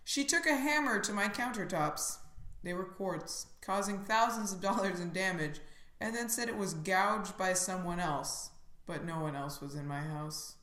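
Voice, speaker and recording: A woman's voice: mid-range voice, normal speed, fairly bright tone, echoey room. A woman co-hosting a podcast, chatting casually and laughing easily, with lots of likes and fillers. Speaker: podcast co-host. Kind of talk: casual comedic chat.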